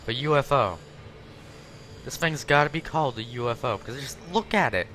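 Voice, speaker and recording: A man's voice: mid-range voice, animated, normal speed, a little hiss or hum. A man hosting a gaming video, chatting casually and correcting himself as he shows off tanks. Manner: rambling, self-correcting, chatty. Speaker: gaming channel host. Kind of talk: casual gameplay commentary. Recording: game audio loud behind voice.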